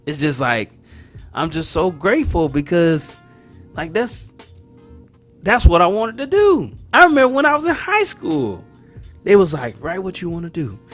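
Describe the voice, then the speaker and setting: A man's voice: high voice, unhurried, long pauses, soft background music. A man hosting a podcast, telling a story casually with slang and acting out the voices and reactions of the people in it. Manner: animated, acts out dialogue and reactions; slangy, conversational. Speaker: podcast host.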